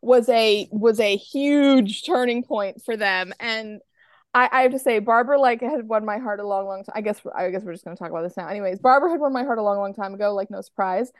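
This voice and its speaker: A woman's voice: mid-range voice, fairly quick, dry recording, clean studio sound. An American woman co-hosting a podcast, retelling TV scenes in a chatty, rambling way full of "like" and playful quotes. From United States. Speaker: podcast co-host. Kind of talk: casual chat.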